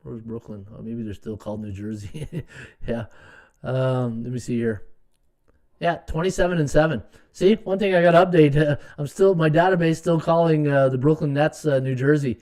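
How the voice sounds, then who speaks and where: A man whose voice is a little high and a little mellow talks at a moderate pace while hosting a live sports betting podcast. His run through the stats rambles, packed with fillers and restarts, and he sometimes mutters to himself checking numbers.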